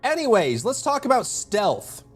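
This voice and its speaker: A fairly high-voiced man chats casually with his live-stream viewers, and his pitch swings up and down a lot. He rambles and hums or mutters to himself between thoughts. Faint music plays behind him. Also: huge pitch swings, unhurried, husky. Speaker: full-time streamer.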